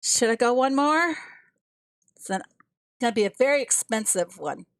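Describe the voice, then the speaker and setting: Streaming a farming game on her phone, a woman from the USA keeps up chatty live-stream commentary, narrating her moves to herself and reading viewers' messages out loud. Her voice is fairly high and animated, at a moderate pace, with no room sound.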